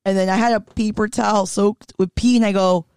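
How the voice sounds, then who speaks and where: Laughing, animated storytelling woman. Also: mid-range voice, brisk, smooth, no room sound, studio quality. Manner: animated storyteller who laughs often and acts out quotes. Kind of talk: casual chat.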